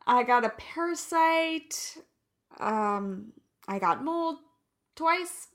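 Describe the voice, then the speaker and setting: Slow, emotional woman vlogger. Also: on the high side, animated, a bit bright. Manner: emotional, candid, drawn-out and reflective. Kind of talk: personal confessional vlog.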